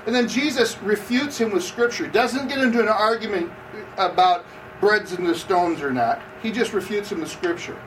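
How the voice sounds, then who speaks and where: A man's voice: sits high, normal speed, distant mic, a little hiss or hum, poor audio. A man preaching a conversational sermon, asking the audience questions as he goes. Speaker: campus pastor. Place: room with seated audience.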